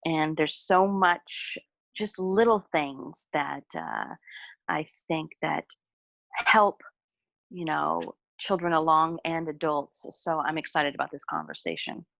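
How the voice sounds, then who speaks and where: A woman guest on a podcast, telling stories in a relaxed, amused way with frequent fillers. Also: low-pitched, a little slow, creaky, dry recording. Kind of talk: casual storytelling conversation.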